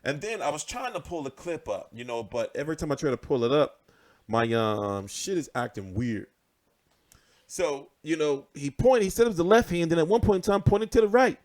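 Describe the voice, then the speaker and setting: A man's voice: on the high side, moderate pace. A man hosting casual boxing commentary, ranting with lots of swearing and repetition. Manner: animated, profane, repeats himself.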